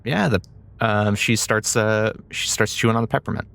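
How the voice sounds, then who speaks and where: A man narrating a tabletop game as game master, relaxed with halting descriptions. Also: fairly low pitch, gravelly.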